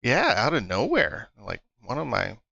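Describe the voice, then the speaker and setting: A man's voice: medium pitch, huge pitch swings, normal speed, creaky, pushed and bright, slightly rough, no echo. A man who streams the game, chatting casually in a laid-back, rambling way. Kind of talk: casual chat. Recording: dull lo-fi mic.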